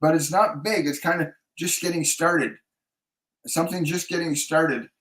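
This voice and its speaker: A man's voice: on the high side, fairly even intonation, normal speed, a bit bright, poor audio. A man working as a spiritual medium, answering viewer questions in a live Q&A. He searches for his words, with many restarts and fillers. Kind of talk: live Q&A readings.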